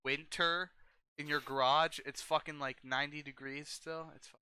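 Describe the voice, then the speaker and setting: A man's voice: fairly high pitch, fairly even intonation, normal speed, pushed and bright, clear, resonant tone, no room sound. A young man from Arizona co-hosting a podcast, telling stories in an easygoing way with frequent laughs. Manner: easygoing storyteller, laughs often, says dude. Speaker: podcast co-host. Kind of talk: casual chat.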